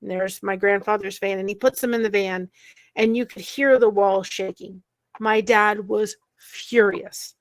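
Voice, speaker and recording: A woman telling a painful personal story in conversation, earnest and emotional, with quick asides. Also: mid-range voice, steady tone, dry recording. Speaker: guest sharing a personal story.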